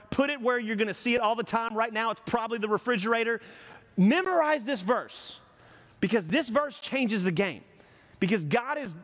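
A man's voice: sits high, fairly bright tone, long reverb tail. A man from the United States preaching a conversational, joking sermon as pastor.

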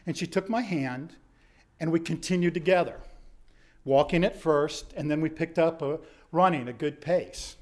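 A middle-aged man giving a storytelling speech to an audience, dramatic, dropping to a hush and then rising to shouts. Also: fairly high pitch, normal speed. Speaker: motivational speaker.

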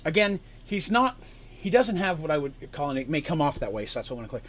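Husky man, game master narrating casually, lively pitch, explains as he goes. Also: quick pace. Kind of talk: narrating a tabletop story.

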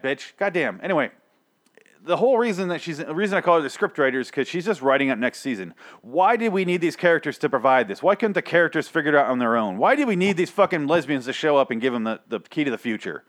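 A man's voice: on the high side, big pitch swings, fast, fairly bright tone. A man hosting his own podcast, ranting profanely through a solo TV episode recap with exasperated outbursts. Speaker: podcast host.

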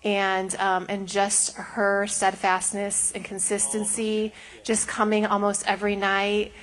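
A woman's voice: mid-range voice, monotone, takes it slowly, a bit bright. A middle-aged woman, a house of prayer leader, earnestly sharing testimonies in a rambling way with many fillers.

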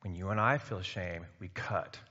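Male preacher, conversational sermon with loud emphatic bursts; dull recording in an echoing hall. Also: low voice, normal speed. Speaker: pastor. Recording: muffled sound in a reverberant hall.

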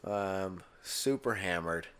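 Very low-voiced man in his thirties, bright edge in the tone, swears freely while telling stories. Podcast co-host. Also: slow pace, clear, resonant tone. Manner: profane, animated storyteller. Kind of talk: casual chat.

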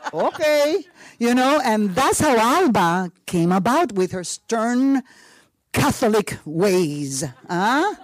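A woman from Puerto Rico, with a Puerto Rican accent, tells a story to a panel audience. Her pitch rises and falls with lively animation, and she acts out each exchange with laughter and short Spanish asides. The sound is close and dry, with no room echo. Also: takes it slowly. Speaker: actress on a panel. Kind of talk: panel talk, telling an anecdote.

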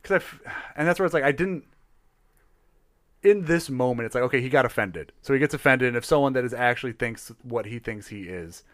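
A man's voice: mid-range voice, expressive, fairly quick, a bit bright, dry recording. Guy rambling about his rpg game, lots of likes and restarts, dry sound. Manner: rambling, filler-heavy, frequent restarts. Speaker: tabletop role-play player. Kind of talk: casual chat about a role-play session.

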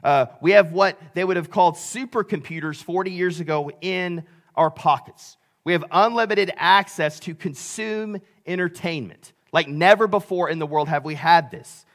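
Male pastor, sermon, storytelling, dramatic loud-to-hushed swings, somewhat high pitch. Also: normal speed.

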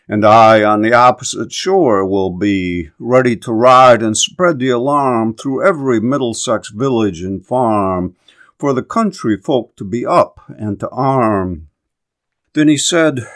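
A man with a lowish voice reads verse aloud at an unhurried, stately pace. He lingers on the rhythm and moves calmly between recitation and explanation. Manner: measured, deliberate reading with rhythmic emphasis. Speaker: poetry lecturer and reader.

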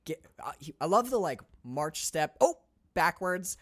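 A man co-hosting a casual podcast about films, animated and quick to act out lines from scenes. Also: fairly high pitch, dry recording, studio quality. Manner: animated, acts out movie lines in quick voices. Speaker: podcast co-host. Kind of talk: casual film discussion.

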